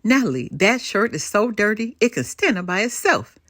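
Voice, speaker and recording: Een vrouw als een geduldige moeder. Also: female voice, medium pitch, big pitch swings, normal speed, fairly bright tone, no room sound, studio quality. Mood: encouraging. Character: patient young mother.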